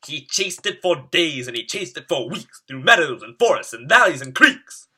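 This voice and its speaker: A man reading a rhyming storybook aloud in a lively, sing-song way. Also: fairly high pitch, normal speed, slightly rough. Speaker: storybook reader.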